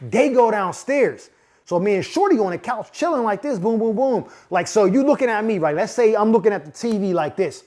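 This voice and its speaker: Lively high-voiced storytelling man. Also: fairly quick. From Pittsburgh, USA. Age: 40s. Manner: animated, slangy, acts out the people in his story; frequent asides of "you know what I'm saying". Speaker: podcast host. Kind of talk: casual comedic storytelling.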